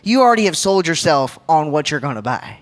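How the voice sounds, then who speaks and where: A man's voice: on the high side, very animated, a little fast. A man giving a live leadership talk at a church gathering, joking and quizzing the crowd with questions. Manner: jokey, engages crowd with questions.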